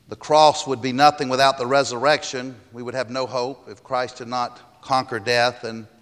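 A man's voice: medium pitch, fairly bright tone, long reverb tail. A man pastor preaching a sermon, reading scripture aloud dramatically and raising his voice on the quoted cries.

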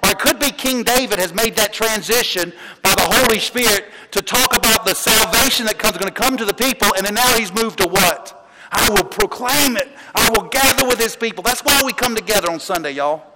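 Man, preaching, chatty storytelling, high voice, heavy background noise. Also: brisk. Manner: conversational, storytelling, with restarts and laughs. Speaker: pastor. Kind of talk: sermon. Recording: long hall reverb, loud background noise.

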